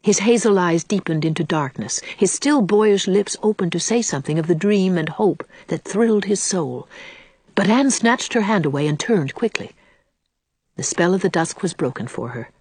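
Brief: woman narrator for a classic novel, lively pitch, lowish voice, dry close mic. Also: slightly rough, no room sound. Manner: measured, expressive reading. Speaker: audiobook narrator. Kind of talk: scripted narration.

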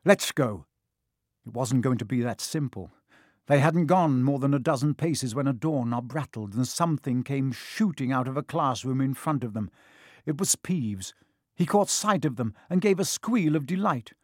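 An audiobook narrator telling a story in an animated, expressive way. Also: normal speed, husky, no room sound, studio quality. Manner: animated storytelling, varied pitch. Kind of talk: scripted narration.

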